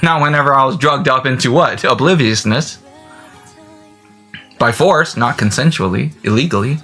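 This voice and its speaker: A man's voice: medium pitch, normal speed, sharp tone, faint music behind. A man whose first language is not English, rambling to camera in a vlog, giggling and laughing often between thoughts. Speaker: vlogger. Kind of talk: rambling self-talk to camera.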